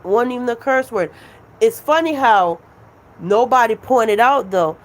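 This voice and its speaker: A woman's voice: fairly high pitch, animated, a little slow. A woman hosting her own live stream, venting at her critics in a casual, profane, emphatic way and repeating her points.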